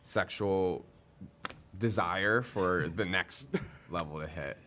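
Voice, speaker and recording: A man answering interview questions earnestly, in halting sentences with restarts. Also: deep voice, sharp tone, a little hiss or hum. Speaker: reality show contestant. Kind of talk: casual press interview.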